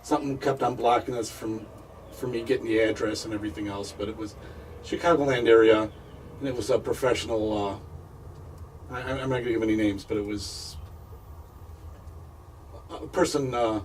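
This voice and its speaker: A man's voice: lowish voice, fairly even intonation, slight background noise. Guy telling his story on a radio interview, stumbles and repeats himself a lot, sounds kinda far from the mic. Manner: halting, repeats words, stops and restarts. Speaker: paranormal investigator guest.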